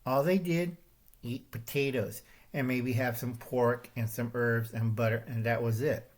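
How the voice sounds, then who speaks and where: A man's voice: medium pitch, steady tone, unhurried. An older man hosting his own channel, delivering a confrontational monologue and pressing his points with repeated "okay?" and "all right?". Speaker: channel host. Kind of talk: ranting monologue to camera.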